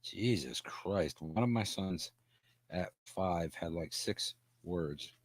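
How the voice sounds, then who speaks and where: A man's voice: deep voice, takes it slowly, dry recording. A man co-hosting a casual podcast, joking in a dry, wry way and swearing offhandedly. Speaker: podcast co-host. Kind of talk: casual chat.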